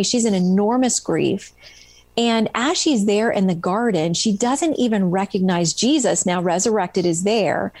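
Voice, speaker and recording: A woman's voice: mid-range voice, unhurried, no echo. Lady author telling stories from her book, lots of ums, dry close sound. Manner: warm storytelling with many ums and restarts. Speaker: author guest. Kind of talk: casual interview about her book.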